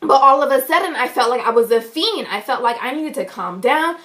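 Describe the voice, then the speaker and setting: A woman vlogger telling an animated, indignant story to the camera. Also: high voice, fairly quick. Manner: animated, indignant, acts out quotes loudly. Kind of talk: storytime vlog.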